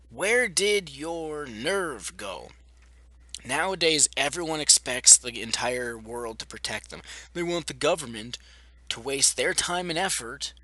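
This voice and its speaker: A young man rants to his viewers in a sarcastic, profane way. He talks at an unhurried pace, his voice bright and cutting, and his pitch swings a lot. The recording is dry and close, with no room sound. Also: no room sound. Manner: sarcastic, blunt and profane, with mocking mimicry. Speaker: vlogger. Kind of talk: ranting commentary to camera.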